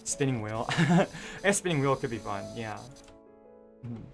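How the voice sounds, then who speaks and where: A young man talks casually to his live-stream audience, hesitating and restarting his sentences often. His voice sits at an ordinary middle pitch. Faint music plays underneath. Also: lively intonation, a little slow, vocal fry. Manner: rambling, hesitant, many fillers and restarts.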